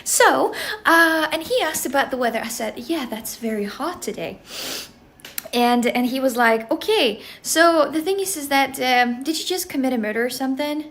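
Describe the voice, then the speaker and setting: A woman's voice: sits high, lively intonation, moderate pace, fairly bright tone. A young woman from Russia telling a rambling story in casual chat, laughing often and swearing. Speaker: streamer.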